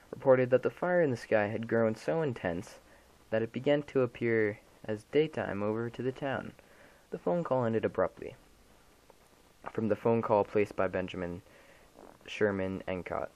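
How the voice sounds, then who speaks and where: A man with a low voice reads a horror story aloud, grave and measured. He trips over a word now and then but keeps an even, serious tone. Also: low-quality recording. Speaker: narrator. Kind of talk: scripted horror narration.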